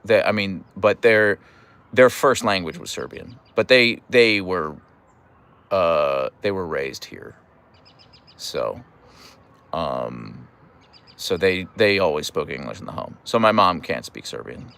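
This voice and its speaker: A man's voice: low-pitched, expressive, takes it slowly, gravelly, a bit bright, clear, resonant tone. A man from Pittsburgh with a Pittsburgh accent, chatting casually on a livestream, reading viewer comments and teasing. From United States. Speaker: livestream host reading chat.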